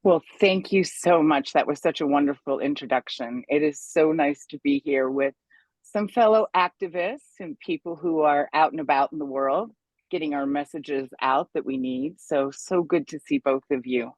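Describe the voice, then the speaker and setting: A woman's voice: sits low, moderate pace, darkish tone, no echo. A woman guest on an interview show, an environmental activist talking in a chatty, upbeat way with many fillers. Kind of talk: casual interview.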